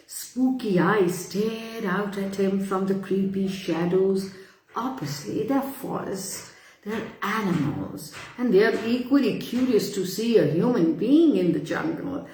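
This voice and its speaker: Animated woman telling a children's story. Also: mid-range voice, echoey room, slight background noise. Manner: animated, asks the listeners questions. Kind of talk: bedtime story reading for children.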